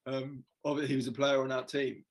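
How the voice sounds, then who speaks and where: A man's voice: mid-range voice, flat delivery, fast. A young man co-hosting a casual chat, telling a self-mocking story and laughing at himself. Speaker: podcast co-host.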